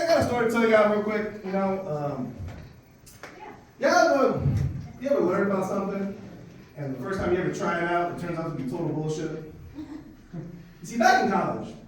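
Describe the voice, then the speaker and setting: A high-voiced man of Dominican heritage performs stand-up, spinning an animated, profane story and talking to the crowd. He sounds far from the mic, with the club's echo ringing around him. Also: slight background noise. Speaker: stand-up comedian. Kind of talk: stand-up comedy set. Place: comedy club stage. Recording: echoey club from a distance.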